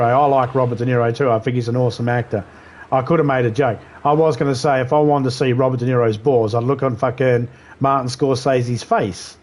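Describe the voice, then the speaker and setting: A man streaming a video game live, riffing in crude, rambling banter and laughing at his own jokes. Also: mid-range voice.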